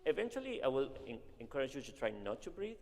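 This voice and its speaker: Male voice coach, lively and emphatic, heard in a reverberant hall with some music. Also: mid-range voice, fast. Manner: animated, emphatic, dramatic coaching. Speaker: voice teacher. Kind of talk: masterclass coaching.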